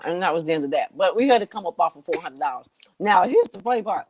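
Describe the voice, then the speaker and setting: A husky, fast-talking woman with a fairly low pitch comes through on a dry recording. As a guest singer, she tells an animated, funny story, laughing and voicing the characters with lots of energy.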